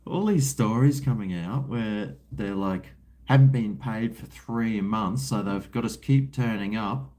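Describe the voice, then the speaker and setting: An Australian man hosts a casual livestream while drinking, rambling in a laid-back way and reading out viewer messages. He uses crude slang and chuckles often. His voice is on the low side, warm, and unhurried.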